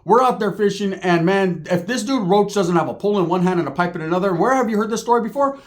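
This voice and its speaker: A man's voice: sits high, expressive, fast talker. A man telling a profane, comic story in casual talk, tagging his lines with "right?". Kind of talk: comedic storytelling.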